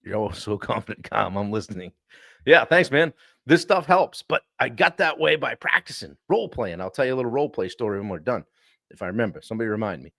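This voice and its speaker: Male sales coach, animated, throat-clearing, mid-pitched, dry close sound. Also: fast talker, dry recording. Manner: animated, acts out client calls, clears throat often. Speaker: sales coach and show host. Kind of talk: live-stream coaching talk.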